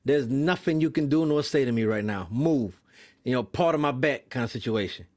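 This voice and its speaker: A young man telling a profane, animated story about his work as a mail carrier, acting out the other people's lines in quick voices. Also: medium pitch. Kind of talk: casual storytelling on a podcast.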